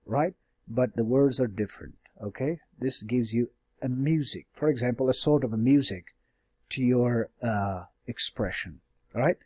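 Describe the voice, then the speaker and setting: In a classroom lecture on stylistic devices, a man with a slightly mellow, medium-pitched voice walks through the material step by step. He hesitates with many fillers, corrects himself, and keeps checking in with "all right?". There's no echo.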